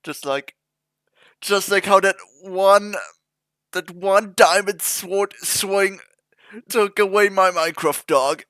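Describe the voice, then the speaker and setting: A man's voice: high-pitched, slow pace, long pauses, sharp tone, clean tone, no echo. A man hosting a reaction video, chatting casually with jokes and rambling asides. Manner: rambling, joking, trails into mock-emotional mumbling.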